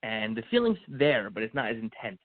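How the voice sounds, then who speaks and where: A man guest on a podcast telling an emotional personal story, animated and acting out what people said, with many fillers and restarts. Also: mid-range voice, brisk, no echo. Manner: animated, acts out quotes, frequent fillers and restarts. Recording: phone-like narrow band audio.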